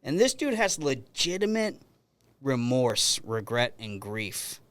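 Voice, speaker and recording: A man's voice: medium pitch, big pitch swings, takes it slowly, fairly bright tone. A man hosting a podcast interview, telling stories in a rambling, conversational way with frequent restarts. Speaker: podcast host.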